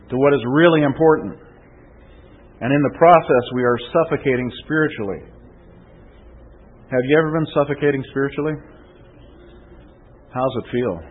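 A man's voice: medium pitch, breathy edge, narrow, tinny audio. A male pastor delivering a conversational sermon that swells into emphatic preaching, often checking in with "okay?" and "right?".

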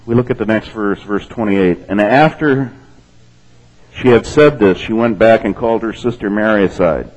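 On poor audio, a man with a fairly low voice preaches at a moderate pace, reading scripture aloud and commenting. This pastor talks casually to the congregation, repeatedly asking "okay?" and "amen?".

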